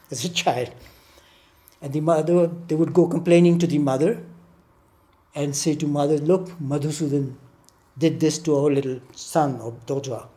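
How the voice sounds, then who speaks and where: An older man, telling childhood stories in an interview and acting out the voices in them. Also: on the high side. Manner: animated storyteller who acts out quotes with laughs. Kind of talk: storytelling interview.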